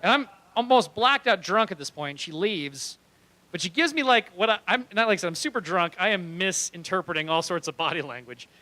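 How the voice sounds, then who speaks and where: A young man with a high, bright voice doing stand-up on a small club stage. He rambles through his stories with animated energy and keeps laughing at his own lines. He speaks into a handheld stage mic. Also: a little fast, no room sound, low-quality recording. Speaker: stand-up comedian. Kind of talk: stand-up comedy.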